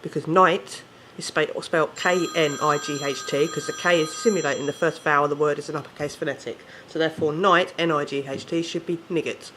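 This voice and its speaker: A man's voice: a little high, steady tone, quick pace, few pauses, fairly bright tone, slight background noise. A man with an English accent, ranting casually to camera, swearing often and correcting himself as he rambles. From England. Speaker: vlogger.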